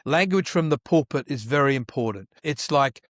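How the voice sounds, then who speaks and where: A man guesting on a church-leadership podcast, telling stories with lively acted-out dialogue and frequent restarts. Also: mid-range voice, normal speed, dry recording, studio quality. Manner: animated storyteller who acts out quoted dialogue; frequent restarts and repeated words. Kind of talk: conversational podcast interview.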